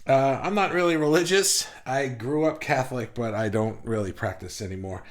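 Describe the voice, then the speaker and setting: A man hosting a casual live stream, talking quickly and a little out of breath, chatting with viewers and reading their comments aloud. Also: medium pitch. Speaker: host of an online art group livestream.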